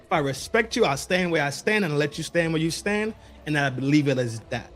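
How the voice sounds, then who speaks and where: A man hosting a podcast, delivering a mocking commentary rant with rapid-fire repeated words. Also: on the high side, lively intonation, fairly bright tone, soft background music. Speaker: podcast host.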